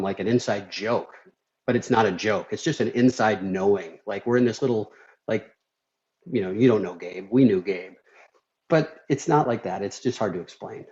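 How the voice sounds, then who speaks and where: Here a middle-aged man from Minnesota, a surgeon on a podcast, talks in a medium-pitched, darkish voice. His candid storytelling rambles, with frequent "you know"s and laughter along the way, all on slightly dull lo-fi sound.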